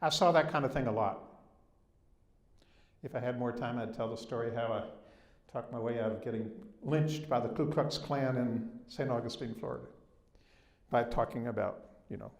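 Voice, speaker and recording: Older Southern-accented male speaker telling stories, emphatic, mid pitch, roomy echo. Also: normal speed, vocal fry, pauses often, a little mellow. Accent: Southern American. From Southern United States. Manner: storytelling, emphatic on key points. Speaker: guest speaker. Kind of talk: public talk. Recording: echoey room.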